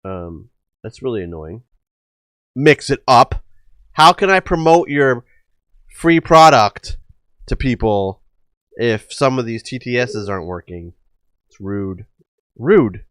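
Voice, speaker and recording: A man hosting a livestream from a home setup talks in a rambling, loose way, full of fillers and the odd curse. His voice sits at an ordinary pitch. The sound is dry and close to the mic, with no room in it. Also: animated, slow pace, pauses often, a bit bright, no room sound. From United States. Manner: rambling, profane, many fillers. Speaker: livestream host. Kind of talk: casual stream chat.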